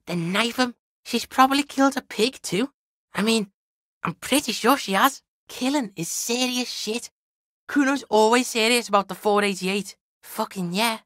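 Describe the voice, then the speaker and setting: A woman's voice: a little high, fairly bright tone, dry recording, studio quality, natural voice. A woman playing a cocky foul-mouthed street boy. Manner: brash, swaggering, talks of himself in third person. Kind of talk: video game character acting.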